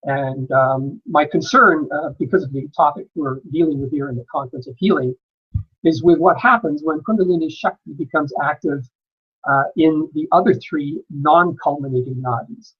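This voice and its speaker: Guy giving a talk at a conference, slightly high and husky, slow careful delivery w lots of uhs, dull lo-fi sound. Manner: measured, with frequent "uh" pauses. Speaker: conference speaker. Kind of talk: lecture presentation. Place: conference hall.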